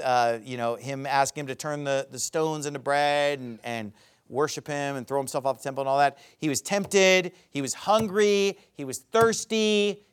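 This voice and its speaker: High-voiced man preaching emphatically. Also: smooth. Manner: emphatic, rising to loud dramatic quotes. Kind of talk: sermon.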